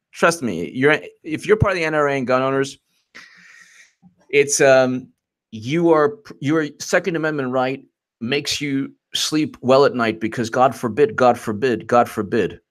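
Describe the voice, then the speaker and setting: A man hosting a casual political commentary channel, sarcastic and mocking as he reads messages aloud. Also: medium pitch.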